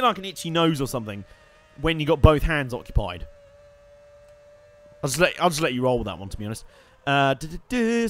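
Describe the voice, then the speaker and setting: A man talks through a racing game live on stream. His voice sits a little high, and his chatty commentary is wry and often sweary. He reacts loudly whenever the race goes wrong.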